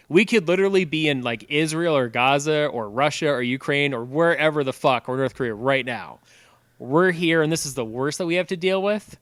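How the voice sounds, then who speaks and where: A young man on a podcast telling a profane, animated story, breaking into loud yelling at times. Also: a little high, normal speed, no echo. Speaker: podcast co-host. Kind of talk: casual storytelling chat.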